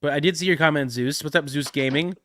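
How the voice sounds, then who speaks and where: A man's voice: a little high, sharp tone, a little hiss or hum. A man co-hosting a live podcast, chatting casually and agreeably and reading out viewer comments. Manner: agreeable, chatty, quick to affirm. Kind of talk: casual live-stream chat.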